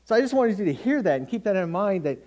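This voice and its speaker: A man's voice: high-pitched, sing-song, fast talker, a little mellow. A middle-aged man preaching a sermon in a conversational, storytelling way, acting out quotes from everyday people.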